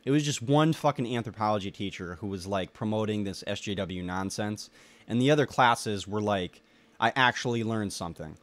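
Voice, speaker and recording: A young man in a rambling solo monologue, ranting with heavy swearing and lots of filler words. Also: fairly low pitch. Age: young adult. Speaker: solo podcaster.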